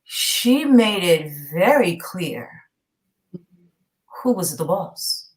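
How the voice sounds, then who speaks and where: Middle-aged New York woman, lower voice, emphatic storyteller in a casual chat. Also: sing-song, very slow. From New York, with Southern roots. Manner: emphatic storyteller, rhetorical "okay?". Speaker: guest.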